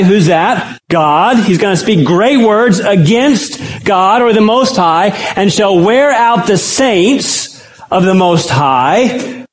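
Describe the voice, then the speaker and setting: A man with a high-pitched voice leads a Bible study in a relaxed, conversational sermon style. He keeps turning to the audience with questions and answers them himself. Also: low-quality recording. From United States. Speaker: pastor or Bible teacher.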